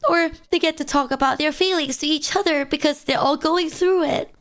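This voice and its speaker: A woman streamer in casual chat, tearful and crying, talking in a halting, hesitant, self-conscious way. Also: sits high, fairly bright tone. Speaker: VTuber streamer.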